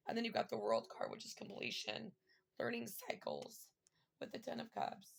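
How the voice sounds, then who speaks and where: Gravelly-voiced emotional woman reading tarot. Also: fairly high pitch, very animated, moderate pace, slight background noise. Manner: emotional, rambling, filler-heavy. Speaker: tarot reader. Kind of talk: casual tarot reading to viewers.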